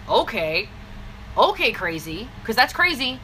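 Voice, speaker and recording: Woman, business coach, bright tense voice, fairly high pitch, blunt scolding pep talk, faint background hiss. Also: animated, moderate pace, low-quality recording. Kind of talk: direct-to-camera motivational vlog.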